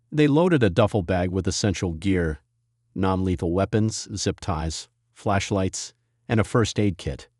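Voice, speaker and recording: A male storyteller reads a scripted drama in an even, measured way. His voice sits very low, and the recording is dry and close with no room sound. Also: no echo. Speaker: narrator.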